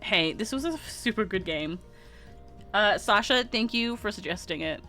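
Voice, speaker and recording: A woman streamer reading a visual novel aloud and chatting, animated and laughing often. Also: mid-range voice, moderate pace, soft background music. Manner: animated, laughs often, voices game lines.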